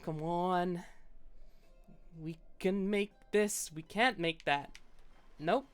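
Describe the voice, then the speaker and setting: A woman's voice: on the low side, extremely slow, smooth, faint music behind. A woman voicing a wisecracking alligator with a New York accent and tough-guy street talk. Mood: scoffing.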